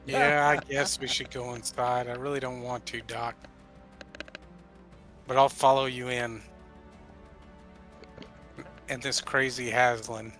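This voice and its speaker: A man's voice: medium pitch, little pitch movement, takes it slowly, long pauses, fairly bright tone, soft background music. A man playing in a tabletop role-playing game, casually declaring what his character does and says. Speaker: player.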